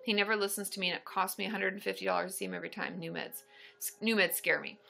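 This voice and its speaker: A young woman chats casually on a livestream, answering questions as a therapist would. Her voice is bright and forward, and her talk is bubbly and quick to react. Faint music plays in the background. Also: medium pitch, creaky.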